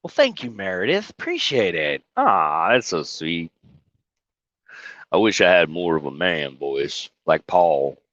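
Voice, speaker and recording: A man's voice: low voice, big pitch swings, unhurried, a bit bright, no room sound, muffled recording. A man driving a truck, chatting casually on a livestream, rambling, swearing and greeting viewers by name. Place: inside his truck cab. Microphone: phone.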